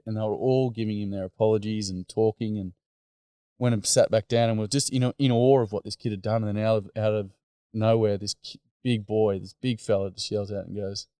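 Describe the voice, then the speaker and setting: A man's voice: on the low side, fairly even intonation, brisk, warm tone, no room sound. A middle-aged man with an Australian accent telling earnest, rambling personal stories from his workshops with boys. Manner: earnest, rambling, lots of "um" and "mate". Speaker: speaker running boys' workshops. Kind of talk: personal storytelling talk.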